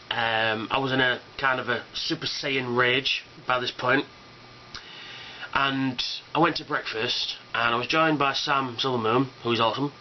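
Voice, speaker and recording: Man, casual rambling vlog, lots of ums and swearing, excited, dull lo-fi webcam sound, faint hum behind. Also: medium pitch. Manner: enthusiastic, sweary, full of fillers. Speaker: fan convention vlogger. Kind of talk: casual rambling video response.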